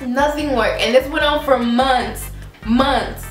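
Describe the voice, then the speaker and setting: A young woman vlogger telling a story in an animated, dramatic way, acting out her mother's lines and laughing often. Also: sits high, slow. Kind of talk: casual storytelling vlog. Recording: echoey room, mic at a distance, faint music.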